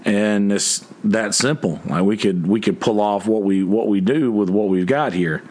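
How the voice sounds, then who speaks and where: A man's voice: fairly low pitch, moderate pace, darkish tone. A man, a musician telling a story to his viewers in a casual, blunt and profane way, raising his voice to quote people. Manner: profane, blunt, quoting others in a raised voice. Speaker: musician in a two-piece band.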